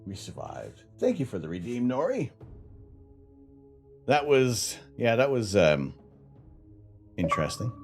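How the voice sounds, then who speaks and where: A man's voice: mid-range voice, wildly swooping pitch, measured pace, vocal fry, long pauses, a little mellow, faint music behind. A middle-aged Canadian man hosting a live stream, chatty and self-mocking, laughing often as he reads out explanations and answers chat. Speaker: livestream host.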